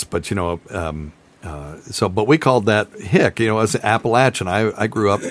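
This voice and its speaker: A man's voice: lowish voice, normal speed. Easygoing middle-aged male podcast host. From mountains of North Carolina. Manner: easygoing, chuckling, folksy storyteller. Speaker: podcast host taking calls. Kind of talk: casual call-in chat.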